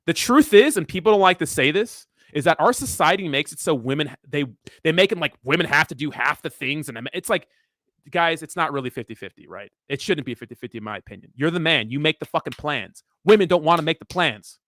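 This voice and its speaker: A man's voice: a little high, animated, a little fast, a bit bright, dry recording, studio quality. A young man hosting a casual livestream, answering viewer comments in a blunt, profane, rambling way. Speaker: crypto livestream host.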